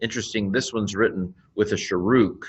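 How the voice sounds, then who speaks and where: A man's voice: lowish voice, fairly quick, slightly rough, muffled recording. A man teaching pronunciation informally, thinking aloud, sounding out words syllable by syllable, with many fillers and self-corrections. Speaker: Hebrew teacher.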